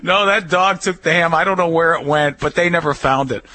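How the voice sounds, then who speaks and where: A man hosting a radio talk show, telling a lively story and acting out what people said. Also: on the high side, a little fast, dry recording. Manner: animated storyteller, acts out quotes.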